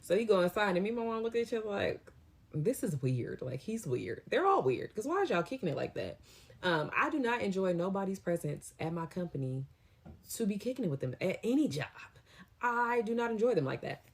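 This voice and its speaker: A young adult woman casually telling a storytime tale, in an animated, slangy way with lively acted-out quotes. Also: mid-range voice, quick pace. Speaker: storytime vlogger.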